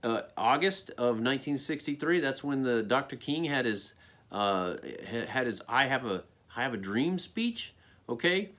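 A man's voice: medium pitch, lively intonation, normal speed, a bit bright. An American man giving a casual spoken opinion monologue, rambling with many fillers and checking in with "okay?". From United States. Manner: rambling, frequent "okay?" and "you know" fillers.

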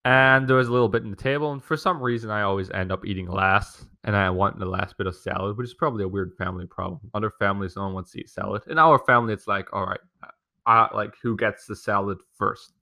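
A man's voice: fairly low pitch, fast, hardly any pauses, sharp tone. A young man hosting a casual podcast from home, rambling through a profane, complaining story about his family. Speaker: podcast host. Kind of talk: casual rant.

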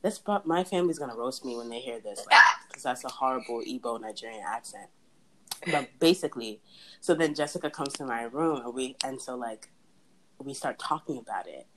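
A woman's voice: a bass voice, fairly quick, a crowd in the background, low-quality recording. A young woman hosting a casual faith chat, talking in a chatty way with frequent laughs and restarts. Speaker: podcast host.

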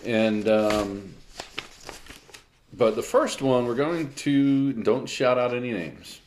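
A man's voice: medium pitch, takes it slowly, darkish tone, slight background noise. A man in his fifties co-hosting a casual podcast chat, easygoing, quizzing his co-host. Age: 50s.

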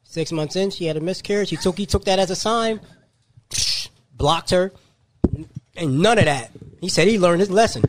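A man's voice: sits high, normal speed, long pauses, noisy background. A man who raps bluntly and tells stories with a lot of laughter, talking casually with friends. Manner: blunt, laughing, animated storyteller. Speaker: rapper and co-host. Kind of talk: rapping and casual storytelling. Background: hip hop music.

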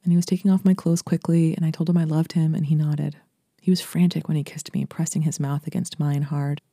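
A woman from Brooklyn, host and writer, reading a literary short story aloud in a steady, intimate storytelling manner. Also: deep voice, a little fast, no room sound, studio quality. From Brooklyn, New York.

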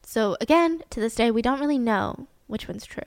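A young woman hosting a true-crime podcast, telling the story in an animated, casual, slangy way. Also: fairly high pitch, moderate pace, dry recording. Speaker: podcast host.

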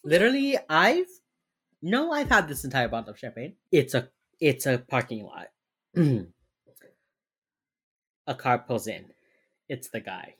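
A woman's voice: a bass voice, a little slow, pauses often, slightly rough. A young woman co-hosting a podcast, casually retelling a TV episode and acting out the characters' lines. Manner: animated, acts out characters' lines while retelling. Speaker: podcast co-host recapping a TV episode. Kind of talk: casual chat.

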